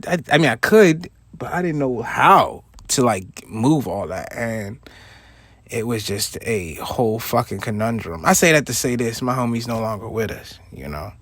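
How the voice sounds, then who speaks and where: A man's voice: medium pitch, dry recording. A man casually telling a personal story in loose street slang, peppered with "you know what I'm saying.". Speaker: storyteller host.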